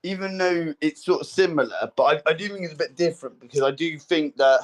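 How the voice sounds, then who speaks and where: A young man co-hosting a casual podcast, telling a story with many fillers and restarts and acting out quotes in a higher voice. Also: quick pace. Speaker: podcast co-host. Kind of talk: casual chat.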